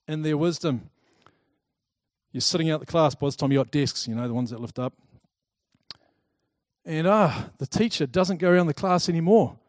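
A man giving a talk to a live audience, lively and chatty, telling personal stories and acting out the people in them. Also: a little high, normal speed, long pauses, no echo, studio quality. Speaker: speaker presenting to a group.

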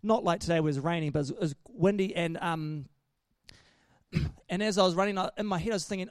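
A man's voice: sits high, fast, clean tone, dry recording, studio quality. A man preaching a casual sermon in a chatty, joking way, often restarting his sentences.

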